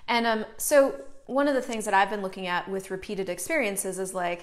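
A woman's voice: mid-range voice, fairly even intonation, normal speed. A middle-aged woman hosting a live stream, talking casually and greeting viewers by name as she goes. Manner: chatty, greets viewers by name mid-sentence.

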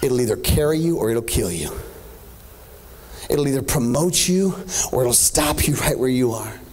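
A man's voice: medium pitch, expressive, normal speed, darkish tone, slight background noise. A man in his thirties preaching a sermon as pastor, swinging from joking asides to rising, half-sung climaxes. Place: church stage.

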